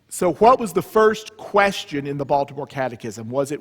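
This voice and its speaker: His fairly high, somewhat bright voice has a breathy edge and moves at normal speed. With a Southern accent from the Memphis area, he delivers a funny, conversational retreat talk in a church, quizzing the audience, and the hall reverberates.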